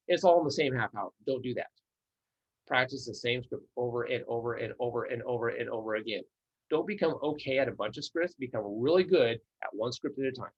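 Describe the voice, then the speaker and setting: Male trainer, husky, energetic and repetitive, a little high, dull lo-fi sound. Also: a little fast. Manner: energetic, repeats words, acts out dialogue. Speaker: real estate coach. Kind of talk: training session talk.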